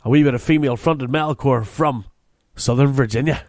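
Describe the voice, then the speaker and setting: A man's voice: mid-range voice, brisk, very noisy. Man bantering on radio. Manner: jokey, rambling, with many fillers. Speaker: radio host.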